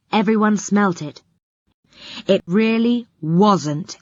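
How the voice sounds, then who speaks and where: A woman narrating a children's storybook aloud in a slow, expressive storytelling manner. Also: mid-range voice, no echo. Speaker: audiobook narrator. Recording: dull lo-fi dry audiobook recording.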